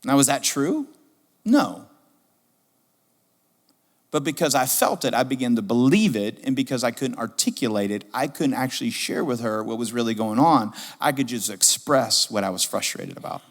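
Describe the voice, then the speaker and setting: A middle-aged man preaching a sermon as a pastor, telling a story in an animated, humorous way. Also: mid-range voice, moderate pace. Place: church auditorium. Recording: long hall reverb.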